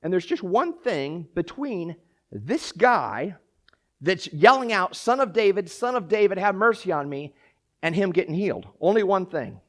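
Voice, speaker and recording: A man preaching with a high voice that jumps from quiet, hushed asides to near-shouted cries. He acts out the lines he quotes and often repeats and restarts his phrases, delivering a lively, animated sermon. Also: unhurried. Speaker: pastor.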